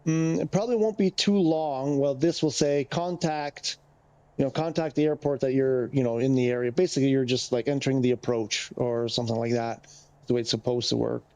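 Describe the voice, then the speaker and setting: A man's voice: medium pitch, fairly even intonation, fairly quick, warm tone. A man streaming a flight game, explaining the radio steps in a chatty, wandering way, talking into a headset mic. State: slightly winded. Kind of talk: casual gameplay commentary.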